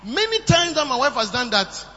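Male preacher, bright piercing tone, shouts for emphasis, long hall reverb on a dull recording. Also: very high voice, normal speed. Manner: animated, switching between soft asides and shouted emphasis. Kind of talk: sermon. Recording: muffled, with long hall reverb and faint hum.

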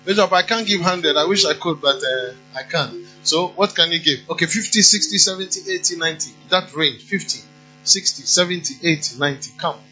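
A man's voice: fairly high pitch, fairly quick, sharp tone, dull audio, faint music behind. A male pastor, preaching and calling for offerings in church, exhorting the congregation and chanting amounts over and over. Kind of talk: sermon and offering appeal.

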